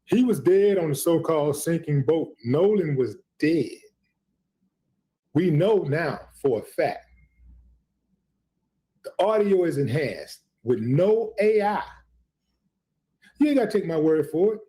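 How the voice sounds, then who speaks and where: A man's voice: a little high, expressive, slow pace, pauses often, mellow. Emphatic man hosting a live stream. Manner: emphatic, addresses viewers as family. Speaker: host.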